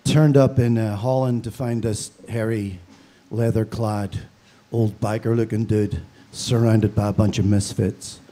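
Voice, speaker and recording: Northern irish guy doing a funny eulogy, dark mellow voice, dry jokes. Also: fairly low pitch, steady tone, unhurried, hardly any pauses. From Belfast, Northern Ireland. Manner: storytelling with dry humor. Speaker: funeral speaker.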